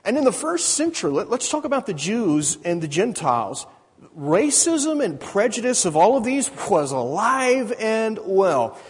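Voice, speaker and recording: A man's voice: sits high, slightly rough. A man preaching a sermon in a conversational way, often asking his listeners questions and restarting his sentences. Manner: conversational, asks the audience questions, frequent restarts. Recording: reverberant hall.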